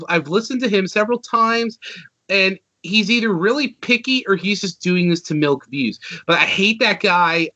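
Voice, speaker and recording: A man casually reviewing a cartoon episode, animated and ranting, swearing freely as he talks. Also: high-pitched, dull audio.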